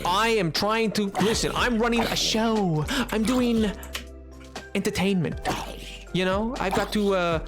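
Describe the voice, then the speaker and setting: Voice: medium pitch, unhurried, over music. A game streamer chatting playfully with the live chat during gameplay, often breaking into sung bits and silly asides. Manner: playful, goofy, sings along and talks to chat.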